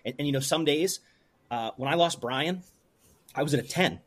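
A man's voice: on the high side, moderate pace, slightly rough. A man in his forties, a brewery owner interviewed as a guest, talking openly and with feeling, rambling and restarting as he goes. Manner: open and heartfelt, rambling with restarts. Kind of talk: emotional interview conversation.

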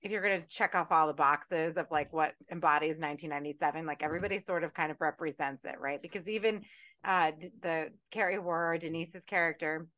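A woman co-hosting a casual podcast, telling stories in an animated way with some swearing. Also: deep voice, quick pace. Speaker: podcast co-host. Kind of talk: casual chat.

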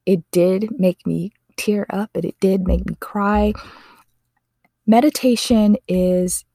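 A podcast host with a medium-pitched, dark, steady voice delivers a slow, casual monologue, speaking earnestly and emotionally and often correcting herself. The audio is studio quality with no room sound.

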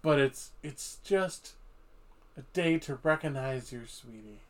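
A man's voice: mid-range voice, expressive, slow. A man co-hosting a podcast, trading jokes and swearing freely in casual banter. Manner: joking, profane banter. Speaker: podcast co-host. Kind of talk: casual chat.

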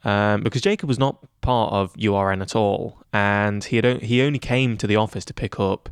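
A young man in his twenties talking in a relaxed interview, chatty and self-deprecating with lots of fillers. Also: on the low side, a little fast, clear, resonant tone, no room sound, studio quality. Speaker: head of news at student radio. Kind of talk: casual interview chat.

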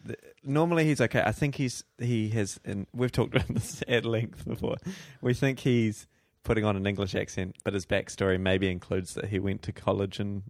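A man with a low, gravelly voice co-hosting a casual podcast, steering the chat along with quick asides. The sound is dry and close. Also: fairly even intonation, dry recording. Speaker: podcast co-host.

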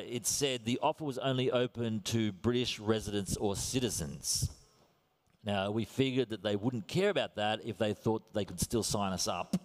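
A middle-aged Australian man preaching a sermon in a relaxed, conversational way, telling stories with self-deprecating humor. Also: on the low side.

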